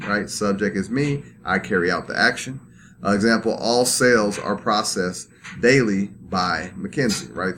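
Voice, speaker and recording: A man with a fairly low voice walks through slides in a relaxed, chatty lecture, checking in with "right?" and leaning on "uh" between points. A faint hiss sits under the recording. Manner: loose, conversational, many fillers and "right?" checks. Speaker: instructor.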